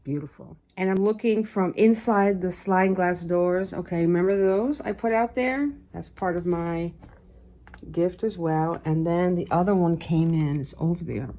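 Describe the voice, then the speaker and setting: A woman's voice: fairly low pitch, normal speed, warm tone, muffled recording. Chatty middle-aged woman showing off decor. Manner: chatty, gushing over decor, repeats herself. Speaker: home vlogger. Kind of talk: casual chat to camera. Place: at home, indoors. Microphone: handheld camera.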